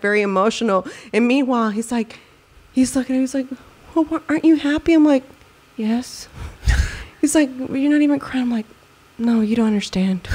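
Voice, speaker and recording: Animated woman telling a story. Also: mid-range voice. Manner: animated storytelling, acts out quotes, laughs often. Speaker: podcast host. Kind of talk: casual chat.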